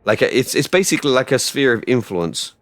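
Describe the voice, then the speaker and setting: A man casually chats on a live stream while playing a space game, his mid-range voice animated and swinging up and down at a fairly quick pace. He rambles from topic to topic and erupts in loud, excited outbursts. The audio is dry and close, with no echo.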